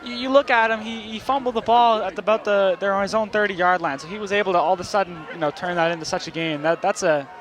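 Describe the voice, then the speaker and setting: A young man calling high school football play-by-play, rising with excitement on big plays. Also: fast, few pauses. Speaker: play-by-play commentator. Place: outdoor football stadium. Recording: crowd and noise outdoors at a stadium.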